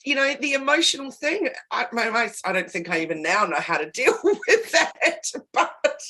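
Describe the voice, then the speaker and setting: A woman's voice: fairly high pitch, big pitch swings, moderate pace, sharp tone, husky. A woman co-hosting a casual chat on a video call, telling a story candidly and laughing in the middle of her sentences. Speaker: co-host.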